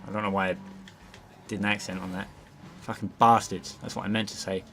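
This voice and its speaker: A man's voice: on the low side, little pitch movement, a little fast, a bit bright, a little hiss or hum. A man casually narrating his gameplay as a let's play host, rambling with lots of fillers and frequent swearing. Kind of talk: gameplay commentary.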